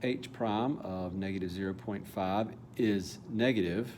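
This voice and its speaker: A man's voice: low voice, measured pace, a little mellow, slight background noise. A man teaching a calculus problem step by step in a casual, thinking-aloud way, now and then correcting himself. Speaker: math teacher. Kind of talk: calculus lesson walkthrough.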